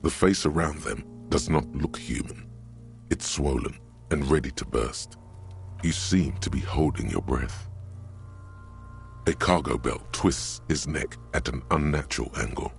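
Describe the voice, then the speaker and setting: A man's voice: very deep voice, unhurried, gravelly, soft background music, exaggerated voice. A man voicing a grim, sardonic game narrator who describes the scene in dry, ominous tones.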